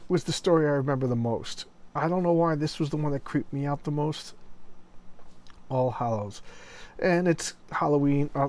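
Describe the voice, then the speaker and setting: A man's voice: medium pitch, darkish tone. A man casually reviewing old horror comics, retelling the stories with enthusiasm and a rambling, chatty manner. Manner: enthusiastic, rambling, acts out quoted lines in passing. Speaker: comic book video host.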